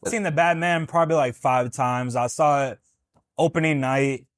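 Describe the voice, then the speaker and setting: A young man with a somewhat high voice banters about his favorite films. He is playful and opinionated, recorded close and dry. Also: moderate pace, no room sound. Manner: playful, opinionated, asks teasing questions. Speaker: podcast co-host. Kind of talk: casual chat.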